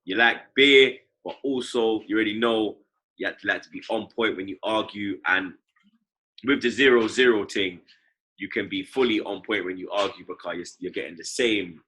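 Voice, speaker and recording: A man's voice: on the low side, moderate pace, bright, forceful tone, poor audio. A young man with a London accent hosting a casual football podcast, full of slang banter and tags like "you understand". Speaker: podcast host.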